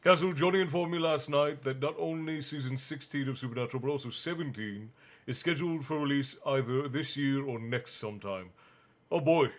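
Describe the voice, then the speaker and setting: A man reading a bedtime story aloud on a stream and chatting with viewers in a relaxed, chatty manner. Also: medium pitch, a little fast. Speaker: stream host and reader. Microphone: streaming mic.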